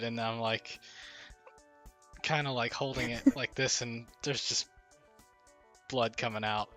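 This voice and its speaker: A man's voice: mid-range voice, fairly even intonation, slow pace, pauses often, bright, forceful tone, faint music behind. A man in his twenties casually telling a story about himself in a wry, self-deprecating way. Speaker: co-host of gaming stream.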